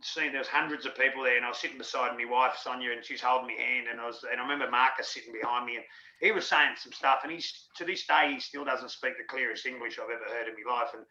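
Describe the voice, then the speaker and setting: This middle-aged Australian man rambles through his memories with an earthy, candid manner and the odd swear word. His voice has a bright, forceful edge. The recording is dull and lo-fi, with a noticeable room echo. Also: mid-range voice, steady tone, quick pace. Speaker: interview guest, former rugby league player. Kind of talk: candid storytelling. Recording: dull lo-fi sound in an echoey room.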